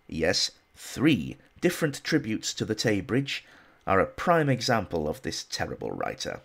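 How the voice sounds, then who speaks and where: A man's voice: on the low side, wildly swooping pitch, unhurried, gravelly, fairly bright tone, husky. A man narrating a history documentary in a scripted style with dry, wry asides.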